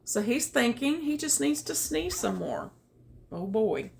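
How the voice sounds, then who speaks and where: A woman reading a children's picture book aloud, with chatty, animated asides about the pictures. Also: on the high side, a little slow, creaky, a little hiss or hum. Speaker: storytime reader. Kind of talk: children's read-aloud with commentary.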